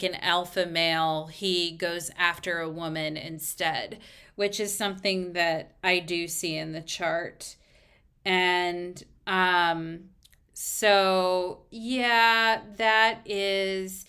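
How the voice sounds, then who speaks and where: A woman's voice: medium pitch, bright, forceful tone, clear, resonant tone. A woman astrologer talking casually as she explains a chart, full of fillers and asides. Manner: chatty, frequent fillers, explaining step by step.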